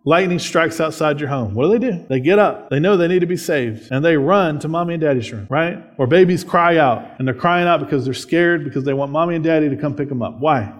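A man's voice: on the high side, brisk, hardly any pauses. A man preaching a sermon as a pastor, conversational, often checking in with tag questions.

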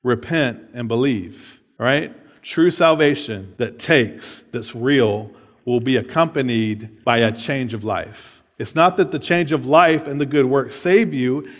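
A man preaching a sermon in a casual, conversational way, often checking in with "right?" and laughing between points. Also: medium pitch. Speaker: pastor. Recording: long hall reverb.

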